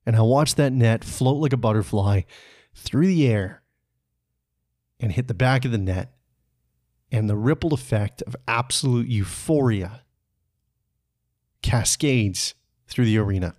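A man from Canada telling a personal story on his podcast in a relaxed, conversational way, chuckling often and swearing casually. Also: medium pitch, a little slow, long pauses. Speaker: podcast host.

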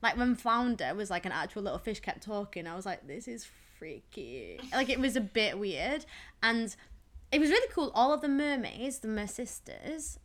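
A young woman with a slightly nasal voice, co-hosting a podcast in casual chat, chatty and quick to repeat words. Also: fairly high pitch, animated, fairly bright tone. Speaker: podcast co-host.

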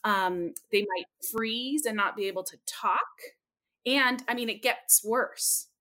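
A young adult woman, a speech therapist, telling stories in an animated, expressive way as a podcast guest. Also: medium pitch, takes it slowly. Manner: animated, expressive, jumps into quoted voices. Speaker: speech-language pathologist guest. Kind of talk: lively storytelling in a podcast interview.

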